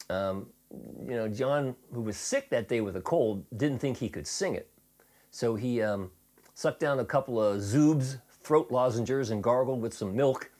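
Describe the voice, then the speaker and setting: A man teaching a rock guitar lesson in a relaxed, chatty way, with fillers and restarts, playing along on guitar. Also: mid-range voice.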